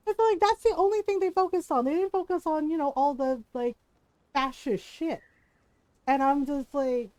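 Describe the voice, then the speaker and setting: A high-pitched woman streamer chatting casually over her game, swearing freely and laughing through her stories. Her voice sounds close and dry, with no room around it. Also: steady tone, unhurried, pauses often, darkish tone, dry recording, low-quality recording. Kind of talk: casual storytelling while gaming.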